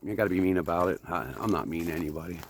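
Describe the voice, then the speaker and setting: A man's voice: sits low, very fast, a little hiss or hum. A man in his fifties from the United States, chatting casually while walking outdoors on a hike. He rambles and pokes fun at himself, a little out of breath. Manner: rambling, chatty, self-deprecating. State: slightly out of breath. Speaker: vlogger.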